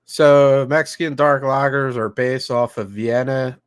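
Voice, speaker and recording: A man's voice: medium pitch, fairly even intonation, unhurried, smooth. A man co-hosting a casual podcast chat over beers, easygoing and full of "man" and "you know". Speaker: co-host.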